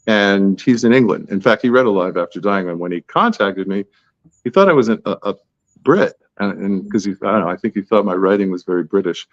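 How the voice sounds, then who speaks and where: Here a male author, interviewed on a podcast, answers in a chatty, wandering, self-mocking way. His pitch is fairly low and his pace fairly quick, on a muffled recording with no echo.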